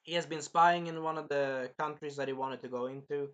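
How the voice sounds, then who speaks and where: A man's voice: a little high, steady tone, a little fast, a bit bright. Rambling man reviewing an anime episode. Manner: rambling, swears casually, retells scenes in quoted voices. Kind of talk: casual episode review chat.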